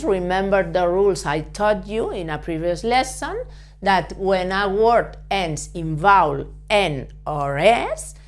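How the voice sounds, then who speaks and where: A woman from giving a careful language lesson, patiently repeating words and spelling out letters. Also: mid-range voice. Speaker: Spanish teacher. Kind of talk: slow, careful spoken lesson.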